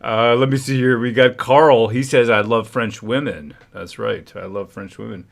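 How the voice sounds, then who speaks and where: A man's voice: mid-range voice, steady tone, moderate pace, vocal fry. A man from Quebec hosting a casual livestream chat, laughing often, telling a story in silly voices and reading chat comments aloud. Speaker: livestream host.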